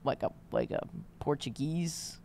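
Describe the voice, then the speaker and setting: A woman with a New York accent chatting on a podcast, her voice raspy with vocal fry, joking and self-deprecating. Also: extremely low pitch, unhurried, dark tone, slight background noise. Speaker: podcast host. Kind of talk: casual chat.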